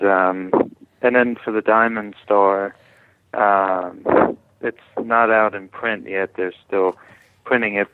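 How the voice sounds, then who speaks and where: A man's voice: fairly low pitch, slight background noise. A man being interviewed on a podcast as a guest, answering hesitantly with many fillers. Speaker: guest comic book creator. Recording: tinny phone-like line.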